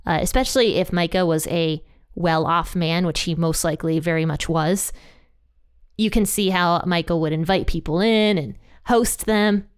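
A woman's voice: lowish voice, fairly even intonation, normal speed, smooth. A woman teaching a Bible passage in a casual, chatty way, retelling the story conversationally. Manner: chatty, conversational retelling with playful quoted voices.

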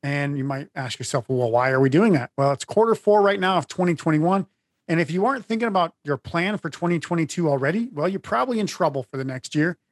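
A man co-hosting a business podcast, brisk and upbeat as he opens the episode. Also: fairly high pitch, lively intonation, dry recording, studio quality. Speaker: podcast co-host. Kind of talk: podcast intro and casual chat.

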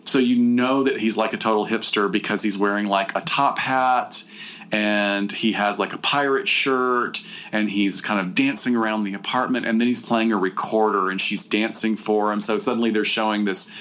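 A man with a somewhat low voice hosts a podcast in relaxed, chatty fashion. He recaps a film with lively energy. He laughs often and drops into quick character impressions. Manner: animated, laughing, jumps into impressions. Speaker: podcast host. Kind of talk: casual chat recapping a movie.

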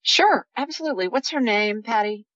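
A woman hosts a live call-in radio show, chatting reassuringly as she talks callers through her visions as an intuitive healer. Her voice is on the high side, animated, brisk and a bit bright. The radio audio is dry and muffled.

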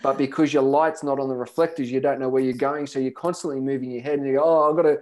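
A man's voice: medium pitch, fast talker. A middle-aged man telling running stories in a casual podcast chat, acting out the voices of the people in them. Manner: animated storyteller, acts out voices. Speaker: podcast guest runner.

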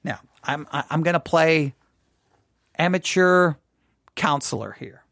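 High, gravelly-voiced man preaching earnestly. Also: a little slow, no room sound, clean studio sound. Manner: earnest, animated, acts out imagined people; repeats words and restarts often. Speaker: pastor answering listener questions. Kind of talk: sermon-style teaching monologue.

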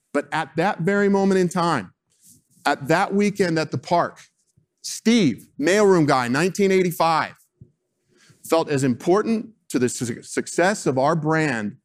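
A man speaking as a sports team executive, giving a keynote speech and telling stories in an emphatic, animated way. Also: on the high side.

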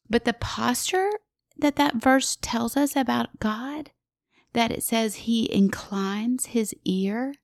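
A woman's voice: medium pitch, darkish tone, no echo, studio quality. A woman in her forties gives heartfelt faith teaching as a podcast guest, earnest and intimate, asking the listener questions and sometimes dropping to a whisper. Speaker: guest speaker on a Christian parenting podcast.

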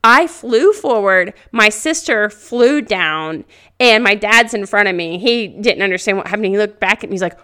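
A woman hosting a podcast, telling stories in a loud, animated way and laughing often into a podcast microphone. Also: mid-range voice, unhurried, clear, resonant tone. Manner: speaks loudly; animated storytelling with frequent laughter. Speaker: podcast host. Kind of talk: casual motivational podcast monologue.

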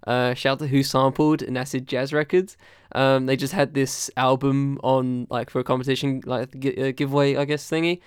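A man's voice: medium pitch, level tone, moderate pace, smooth, dry recording, studio quality. A man hosting a casual podcast, talking through albums in a loose, rambling way with many fillers and restarts. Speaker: podcast host reviewing albums. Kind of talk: casual chat.

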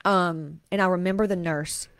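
A woman's voice: fairly low pitch, steady tone, normal speed, smooth, no room sound. A woman, hosting a podcast and telling a raw, emotional personal story with plenty of swearing. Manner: emotional, confessional, frequent swearing. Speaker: podcast host.

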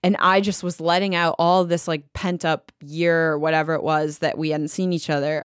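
A woman telling a personal story as an interview guest, animated and chatty with many fillers, on a close podcast mic. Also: low voice, moderate pace, clean tone, no room sound. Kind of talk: casual storytelling.

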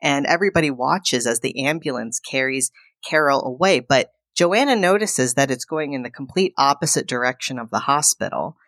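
Podcast co-host, woman, low pitch, animated storyteller voicing characters in passing. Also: normal speed, few pauses, no room sound, studio quality. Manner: animated retelling, acting out characters' lines. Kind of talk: casual chat recapping a film.

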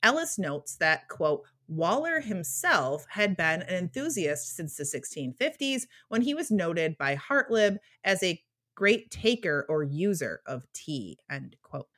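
A woman co-hosting a history podcast, reading passages and quotes aloud, slowing down and lilting through verse. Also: on the low side, very animated, a bit bright. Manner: reads quotes slowly and with a lilt. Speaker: podcast co-host.

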